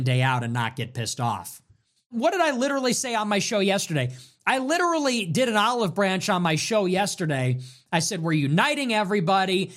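A man's voice: high-pitched, a bit bright. A man hosting his own show, delivering a heated, profane and mocking commentary rant. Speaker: show host.

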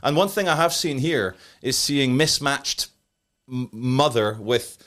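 A Scottish man with a middle-pitched voice talks casually, spinning sardonic stories full of dry asides. He sounds relaxed and conversational as a podcast guest. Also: measured pace. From Scotland. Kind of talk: casual chat.

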